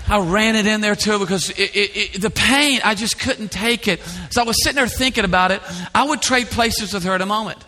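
A middle-aged pastor preaches a sermon in church, telling stories in an animated, conversational way and putting questions to the congregation. His voice is high and a little fast, with hardly any pauses and slight background noise.

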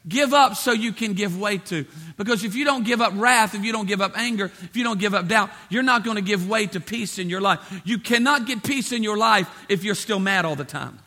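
A man with a high, bright voice preaching a sermon. He hammers his points with repeated phrases and slips into acted-out quotes of the people he describes. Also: brisk, few pauses. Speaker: pastor.

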